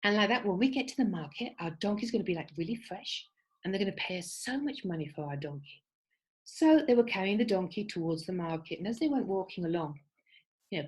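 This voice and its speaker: Speaking quickly with lively intonation, this woman has a mid-range, somewhat mellow voice, captured in low-quality audio. She runs an online creativity workshop, offering upbeat instructions and asking "okay?" again and again to check on her listeners. When she tells a fable, she performs the characters' quoted lines.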